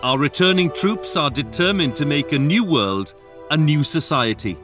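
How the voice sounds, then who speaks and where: A man's voice: on the high side, animated. Welsh man narrating a documentary over music. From Wales. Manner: measured, earnest storytelling. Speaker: documentary presenter. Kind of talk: scripted narration. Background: background music.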